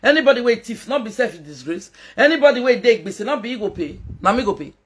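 A woman's voice: fairly high pitch, animated, quick pace, slightly rough. A Nigerian woman doing a casual live-stream gossip rant as a social media commentator, mocking, laughing and scolding.

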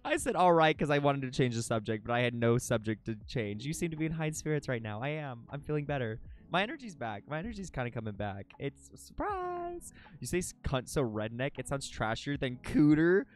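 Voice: medium pitch, lively intonation, fast talker, few pauses. A live streamer in casual chat, giggly and goofy, repeating silly words over and over.

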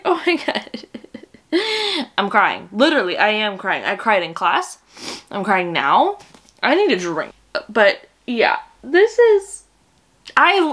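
A young woman, a book vlogger and teacher, chatting excitedly and gushing as she unboxes book mail. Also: on the high side. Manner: gushing, excitable, swearing with joy. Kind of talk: casual vlog chat while unboxing.

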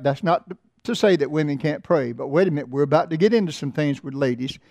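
A middle-aged man preaching a sermon in church, swelling loud and slow on scripture and dropping low for asides. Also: creaky, no room sound. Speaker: pastor. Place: church sanctuary.

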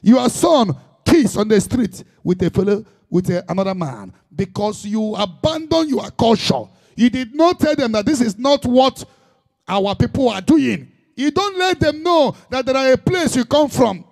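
High-pitched impassioned Nigerian preacher man. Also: animated, a little slow, creaky, darkish tone. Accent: Nigerian Igbo English. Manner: impassioned, emphatic, switching into Igbo phrases. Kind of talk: sermon.

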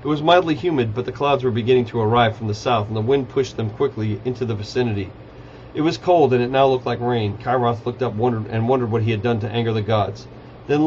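A man's voice: medium pitch, darkish tone, slight background noise. A man reading his own fantasy novel aloud on a live stream, casual, with slips and restarts. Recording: dull lo-fi live stream audio.

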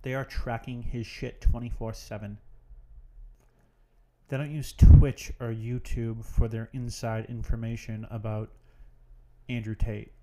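Flat, dark-voiced man being sarcastic. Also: mid-range voice, a little slow, long pauses, a little hiss or hum.

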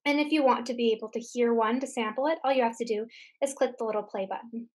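A woman tech tutor giving a screen-share software lesson, explaining each step patiently. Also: fairly high pitch, quick pace, slight background noise. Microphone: computer mic on a recorded webinar.

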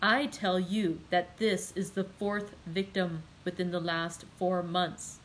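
A woman's voice: lowish voice, little pitch movement, takes it slowly, a little hiss or hum, low-quality recording. A woman reading a passionate, grieving young man's lines in an audiobook, pleading and raising her voice. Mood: impassioned. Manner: impassioned, pleading.

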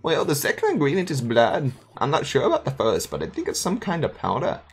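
A woman voicing a polite, gentle male zombie with a put-on German accent, in a higher sing-song voice. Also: huge pitch swings, fairly quick, breathy edge, exaggerated voice. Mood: genial. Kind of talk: voicing game dialogue.

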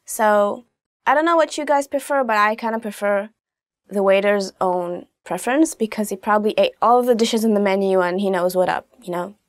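A woman teaching phrases in a casual video lesson, chatty and quick to laugh, dropping into soft asides now and then. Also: medium pitch, dry recording, clean studio sound. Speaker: language teacher.

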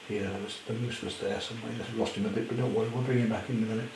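A man demonstrating a painting at home, chatty with gentle self-deprecating humour. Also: lowish voice, fairly even intonation, racing, reverberant, noisy background. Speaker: art teacher. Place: indoor studio at home.

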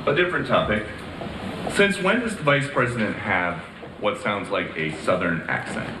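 A man's voice: on the low side, lively intonation, normal speed. A man asking pointed questions at a press briefing, persistent and pressing. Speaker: reporter at a briefing. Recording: echoey room, distant mic, noise.

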